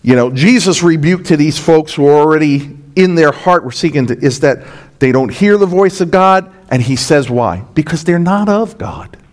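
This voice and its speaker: A male pastor delivering a verse-by-verse sermon in a fairly high voice. He is earnest and emphatic, checking in with the congregation through quick rhetorical asides. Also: animated. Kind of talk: expository sermon.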